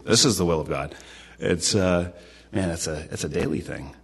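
A man's voice: low-pitched, moderate pace, hardly any pauses, breathy edge. A man preaching a casual, conversational sermon, often repeating himself and restarting his phrases. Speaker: pastor.

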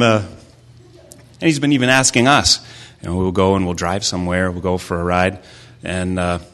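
A man in his thirties giving an informal sermon, talking haltingly with many restarts and fillers. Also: deep voice, fairly bright tone. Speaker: preacher sharing a devotional. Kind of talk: informal sermon with family stories.

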